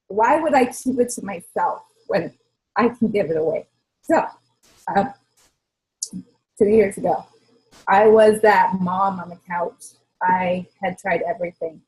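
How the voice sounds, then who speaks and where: A woman on a team call sharing her own story, earnest and halting, with many ums. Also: mid-range voice, darkish tone, poor audio. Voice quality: husky. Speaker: team member on a coaching call. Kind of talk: personal testimony on a group call.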